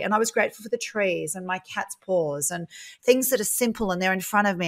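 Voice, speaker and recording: A woman, a guest in a casual interview, telling stories in a chatty, animated way and acting out the dialogue she quotes. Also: mid-range voice. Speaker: guest, property business founder.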